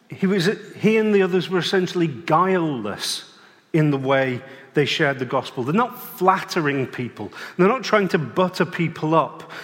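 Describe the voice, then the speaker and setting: A man preaching a sermon in a plain-spoken, conversational way, pausing and restarting now and then. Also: a little high, fairly bright tone. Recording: long reverb of a large hall.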